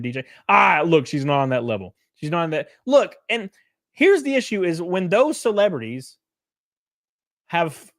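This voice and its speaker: A man's voice: fairly high pitch, no room sound, clean studio sound. A man hosting a casual livestream, reading chat and news aloud with sarcastic, swearing reactions, sounding worn out and short of breath. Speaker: streamer host.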